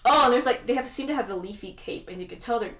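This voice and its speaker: A woman's voice: a little high, fast talker, a bit bright. A woman narrating as game master, laughing often and putting on voices for the characters. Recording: echoey room, mic from far off.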